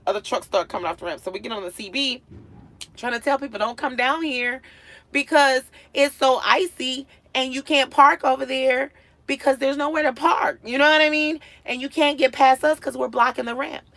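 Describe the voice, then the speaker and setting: A woman vlogger telling a story casually to her viewers, animated and acting out what people said. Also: on the high side, dry recording. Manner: animated, acts out quotes with big swings in loudness.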